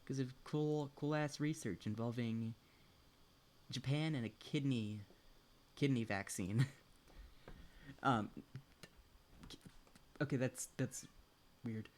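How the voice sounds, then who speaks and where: A man's voice: medium pitch, slow pace, long pauses, darkish tone. A young man chatting casually while streaming a farming game at home, rambling, swearing often and laughing between thoughts. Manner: talks to a pet and chat while playing. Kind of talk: casual gaming chat.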